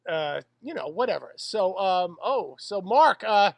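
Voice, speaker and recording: High pitched guy rambling and cussing on a podcast, dead dry room. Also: big pitch swings, unhurried, vocal fry, dry recording. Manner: rambling storyteller, swears freely. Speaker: podcast co-host. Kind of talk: casual chat.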